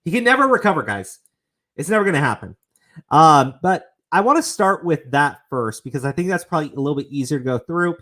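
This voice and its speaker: A man's voice: fairly high pitch, lively intonation, brisk, a bit bright. A man hosting a casual commentary stream, swearing often and rambling through his points. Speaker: show host.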